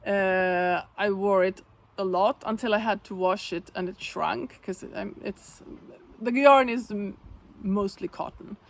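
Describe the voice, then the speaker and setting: A woman hosting a knitting podcast, chatting casually on her own in a relaxed way with plenty of fillers. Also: medium pitch, a little slow, vocal fry. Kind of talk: casual solo chat.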